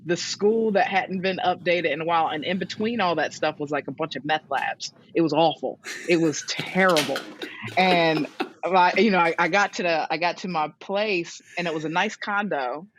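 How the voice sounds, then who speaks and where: Guesting on a casual interview, this strength and conditioning coach in her thirties speaks at normal speed in a fairly low voice. She tells lively stories, laughing often and voicing others' lines in a raised tone, over dull, dry lo-fi audio with a little hiss or hum.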